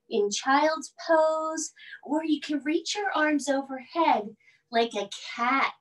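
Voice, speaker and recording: A woman leading a gentle bedtime yoga class for children, coaxing and soothing, with playful moo and meow sounds. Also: high voice, recorded from a distance, low-quality recording. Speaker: kids' yoga teacher.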